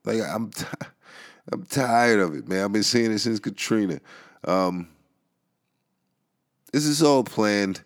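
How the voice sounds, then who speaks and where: A man's voice: fairly low pitch, slow, pauses often. A man hosting a podcast, ranting casually, laughing often and swearing as he rambles. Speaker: podcast host. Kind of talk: casual rant. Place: New York.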